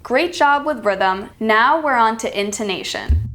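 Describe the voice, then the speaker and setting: American woman accent coach, slightly high voice, clear deliberate delivery for learners. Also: huge pitch swings, music in the background. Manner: calls herself extremely sarcastic. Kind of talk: teaching lesson with read-aloud examples.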